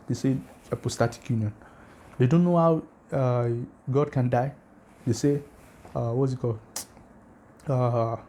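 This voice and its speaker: A man with a mellow, warm tone and a medium pitch lectures his viewers on theology in a casual, argumentative way. He presses his points emphatically and challenges listeners with rhetorical questions. A faint noise sits under the recording. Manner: addresses viewers directly, asks for comments. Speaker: religious channel host.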